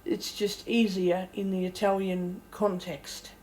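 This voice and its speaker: A woman from Australia talks in a loose, rambling way and curses casually as she chats about her lessons. Her voice sits at an everyday middle pitch. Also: flat delivery, slow pace, darkish tone, a little hiss or hum. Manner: chatty, rambling, swears casually. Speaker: language learner vlogger. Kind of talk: casual chat.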